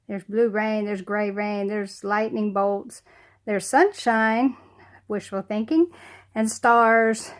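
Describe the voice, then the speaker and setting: A woman's voice: mid-range voice, steady tone, takes it slowly. A middle-aged woman, slightly short of breath, her voice a touch weak. She chats casually and rambles to the camera at home, with plenty of fillers and small laughs. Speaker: doll collector vlogger. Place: room at home.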